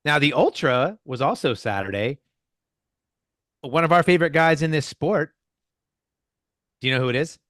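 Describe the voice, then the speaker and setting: A man co-hosting a casual podcast, reading race results in a playful, excitable way and tripping over names. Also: on the high side, moderate pace, long pauses, no room sound, studio quality. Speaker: podcast co-host.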